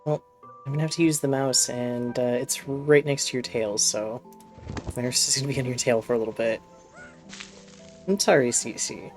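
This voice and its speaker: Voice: medium pitch, fairly even intonation, moderate pace, long pauses, a little mellow, soft background music. A streamer in casual live-stream chat, rambling and talking fondly to a pet cat while playing.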